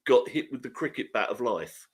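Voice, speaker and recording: A man's voice: mid-range voice, big pitch swings, normal speed, husky. A man co-hosting a casual podcast chat, speaking candidly with stammering restarts. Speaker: podcast co-host.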